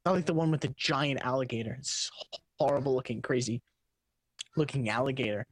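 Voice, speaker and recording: A man's voice: medium pitch, fairly quick, husky, no echo. A man co-hosting a casual late-night tech podcast, rambling through a story with frequent restarts and laughter. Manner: rambling, restarts sentences often, laughs while telling stories. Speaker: podcast co-host.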